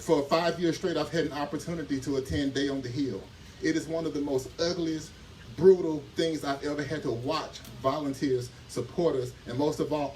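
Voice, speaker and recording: A man's voice: a little high, a little mellow, recorded from a distance, low-quality recording. Man, community advocate, fiery podium speech, mic set back, faint ambient hiss. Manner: rousing, preacher-like delivery addressing the crowd. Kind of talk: impassioned press conference speech. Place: outdoor press conference.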